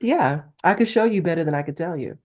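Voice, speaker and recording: A woman's voice: sits low, lively intonation, fast talker, darkish tone. A middle-aged woman from Newark, a talent agent, talking candidly in an interview with a Valley-girl-like, emphatic delivery. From Newark, New Jersey, USA.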